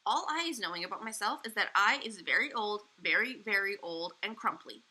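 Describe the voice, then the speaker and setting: A woman's voice: mid-range voice, expressive, a little fast. A woman reading aloud, voicing a very old, friendly male giant who talks in muddled, ungrammatical English. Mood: booming. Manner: jumbled grammar, loud and emphatic.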